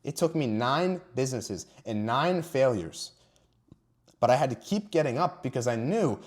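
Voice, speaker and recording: A man's voice: mid-range voice, expressive, normal speed. A young man giving an earnest, emphatic motivational talk about faith to camera. He stresses and stretches key words and at times sounds emotional. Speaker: Christian motivational vlogger.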